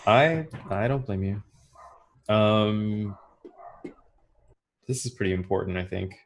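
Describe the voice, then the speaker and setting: A man playing a tabletop game, hesitant with many fillers, then speeding up as he gets excited. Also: fairly low pitch, takes it slowly, a little hiss or hum. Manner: hesitant, lots of ums, bursts of excitement. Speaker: player.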